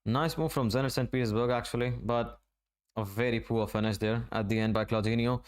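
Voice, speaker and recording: Smooth-voiced man doing live football commentary. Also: mid-range voice, steady tone. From Asia. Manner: running play-by-play, conversational and unhurried. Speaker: streamer. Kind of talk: live match watch-along commentary.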